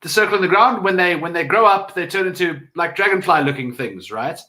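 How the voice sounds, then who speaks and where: A man co-hosting a quiz, telling an animated story with casual swearing. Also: sits high, fairly quick. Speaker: guest co-host. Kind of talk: casual chat.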